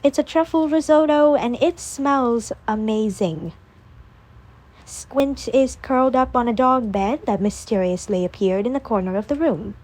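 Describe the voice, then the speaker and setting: A woman narrating a first-person audiobook in a calm, measured reading voice. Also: on the high side.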